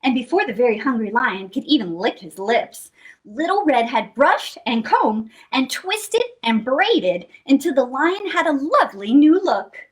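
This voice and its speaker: A woman hosting a children's storytime, reading a picture book aloud with expressive, sing-song storytelling. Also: sits high, unhurried.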